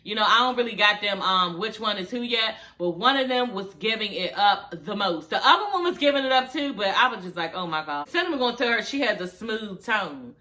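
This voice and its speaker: A woman's voice: mid-range voice, expressive, fairly quick, hardly any pauses, bright, forceful tone. A woman giving a blunt, sassy, casual reaction review of a TV show, swearing freely. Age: adult with a daughter.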